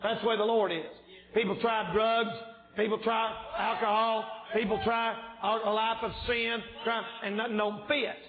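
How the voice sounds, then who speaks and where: A man preaching a fervent revival sermon in a church, shouting and yelling as he preaches, his voice a little strained. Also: high voice, little pitch movement, normal speed, reverberant, low-quality recording. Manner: yells and shouts when preaching. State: slightly strained voice. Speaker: evangelist preacher. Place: church sanctuary.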